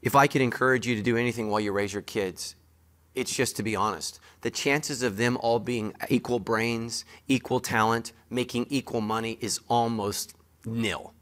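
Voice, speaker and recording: A man's voice: medium pitch, fairly even intonation, moderate pace, fairly bright tone. A man preaching a sermon as pastor, speaking straight to his congregation with emphatic, joking asides.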